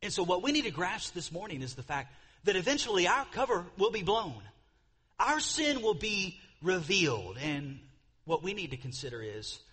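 A man preaching a sermon, earnest, slowing down on the verses he quotes and rising when he stresses a point. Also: sits high, a bit bright, breathy edge. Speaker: pastor.

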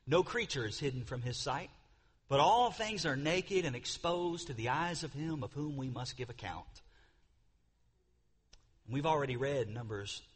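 A man preaching a sermon, earnest, slowing down on the verses he quotes and rising when he stresses a point. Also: medium pitch, fairly bright tone, slightly rough. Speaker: pastor.

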